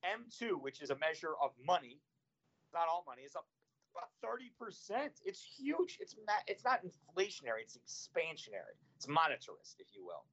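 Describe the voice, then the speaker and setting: A man who manages investments, talking about markets in an animated, exasperated way. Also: on the high side, fairly quick, highs cut off. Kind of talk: casual finance chat.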